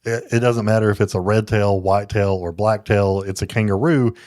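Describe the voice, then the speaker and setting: A man's voice: fairly low pitch, steady tone, moderate pace, a little mellow, dry recording, clean studio sound. A man co-hosting a podcast, chatting casually with playful, joking banter. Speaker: podcast co-host. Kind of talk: casual chat.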